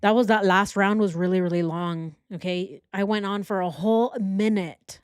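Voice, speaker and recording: A woman's voice: mid-range voice, moderate pace, smooth, no echo, clean studio sound, lightly acted. A woman voicing a dopey, worn-out gym-bro man in a mocking, drawling way. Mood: pooped, smug.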